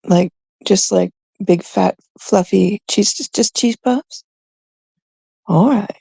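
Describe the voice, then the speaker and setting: A woman's voice: mid-range voice, takes it slowly, vocal fry, dark tone, husky, no echo. A middle-aged woman with a Canadian accent, hosting a livestream in casual, rambling chat with viewers, cursing freely. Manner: profane and rambling. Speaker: livestream host.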